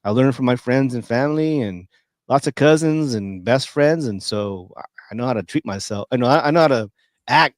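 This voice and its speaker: A man hosting a podcast, talking in a halting way with many fillers and repeated words. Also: medium pitch, animated, dry recording, studio quality. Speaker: podcast host. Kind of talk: casual chat.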